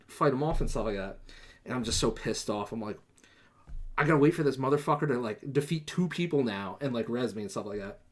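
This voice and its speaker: A young man rambles through a gaming story on a casual podcast, dropping fillers and curses as he goes. He jumps into a livelier voice whenever he quotes someone, then settles back into easy chat. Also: mid-range voice. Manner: acts out quoted lines in a livelier voice. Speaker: podcast host.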